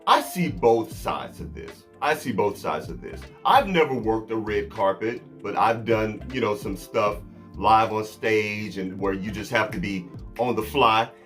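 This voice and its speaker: A man chatting casually to camera as a celebrity gossip vlogger, talking in quick asides to his viewers and often restarting his sentences. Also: lowish voice, lively intonation, a bit bright, soft background music.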